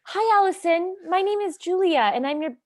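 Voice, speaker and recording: A woman's voice: very high voice, expressive, moderate pace, darkish tone. A woman improvising a young babysitter who talks with lots of fillers and hesitations. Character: young woman babysitter, nervous but eager. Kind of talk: improv comedy scene.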